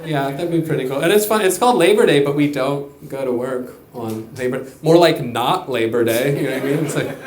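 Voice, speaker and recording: A man's voice: mid-range voice, brisk, noisy background. A man doing a stand-up comedy set on a club stage, talking loosely and conversationally with offhand asides. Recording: echoey club with crowd laughing.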